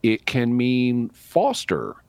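A man on a call-in radio show, explaining answers to callers in a measured way, drawing out key words. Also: medium pitch, huge pitch swings, vocal fry, clear, resonant tone, no echo. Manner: explanatory, measured, drawn-out stresses. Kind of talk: live call-in radio talk.

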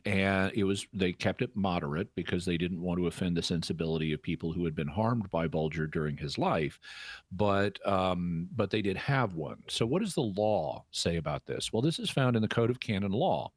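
A man with a very deep voice answers listener questions on a call-in radio show. He explains things in a measured, teacherly way and sometimes restarts a sentence. The sound is dry and close. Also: lively intonation, no echo.

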